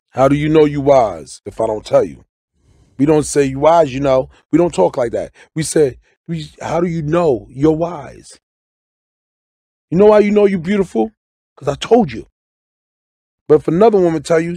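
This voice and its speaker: A middle-aged man, talking loosely in a studio interview, preaching and joking with sudden loud outbursts. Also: a little high, husky, no room sound. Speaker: guest comedian and actor. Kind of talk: casual interview talk. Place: radio studio.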